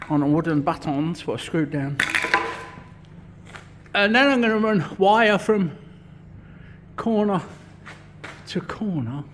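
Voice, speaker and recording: This vlogger's voice is on the high side, with background noise in the clip. He casually narrates his workshop, bluntly explaining his metal fabrication with plenty of swearing, and is breathless at times.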